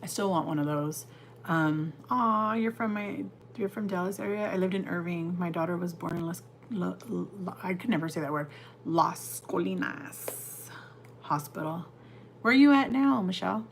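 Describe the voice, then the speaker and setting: A woman's voice: on the low side, a little fast, a little hiss or hum. A woman from California hosting a live stream, chatting casually and rambling as she answers viewers' comments from her kitchen. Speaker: livestream host. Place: home kitchen.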